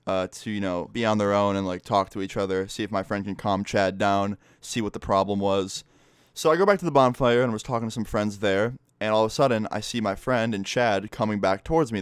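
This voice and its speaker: A young man telling a profane storytime tale to camera in a lively, casual way. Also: on the low side, clear, resonant tone, no room sound, clean studio sound. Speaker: YouTuber. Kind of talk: storytime vlog.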